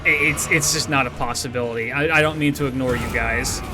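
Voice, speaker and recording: A man's voice: mid-range voice, fairly even intonation, brisk, loud music behind the voice. A man streaming a game while telling a story in a rambling, profane way, full of restarts. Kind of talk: casual storytelling while gaming.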